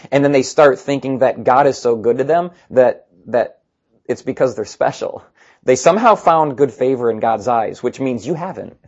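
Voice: mid-range voice, moderate pace, darkish tone, highs cut off. A pastor preaching a conversational sermon with sarcastic asides.

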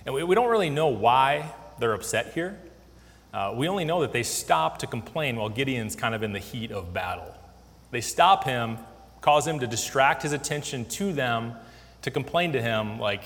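A man's voice: mid-range voice, animated, normal speed, fairly bright tone. A man giving a casual Bible lesson, conversational, with many fillers and restarts. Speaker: Bible teacher. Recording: long hall reverb.

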